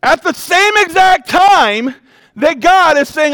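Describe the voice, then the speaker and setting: A man preaching a sermon as a pastor, animated and emphatic, moving between loud declarations, quiet intensity and humorous storytelling. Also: very high voice, measured pace. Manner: conversational storytelling with self-deprecating humor.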